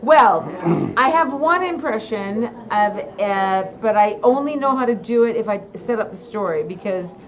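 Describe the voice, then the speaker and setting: A woman singer as a talk show guest, telling stories in an animated, laughing way. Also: mid-range voice, measured pace, hardly any pauses, a little hiss or hum. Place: pub. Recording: live bar crowd behind.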